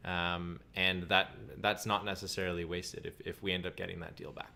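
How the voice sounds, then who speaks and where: A man's voice: low-pitched, level tone, brisk, creaky, bright, forceful tone, a little hiss or hum. A man co-hosting a casual livestream chat, plain-spoken with sarcastic asides. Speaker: co-host.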